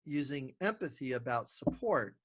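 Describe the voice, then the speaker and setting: A man's voice: mid-range voice, moderate pace, breathy edge. A middle-aged man, a podcast guest, explaining ideas in conversation and acting out little dialogues from his stories. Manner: animated storyteller who acts out little dialogues. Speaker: podcast guest, communication consultant.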